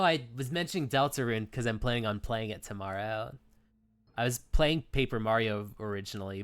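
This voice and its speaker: A young male streamer with a somewhat low voice, reading narration aloud from a visual novel and chatting with viewers. He rambles, loose and full of fillers. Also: clean tone.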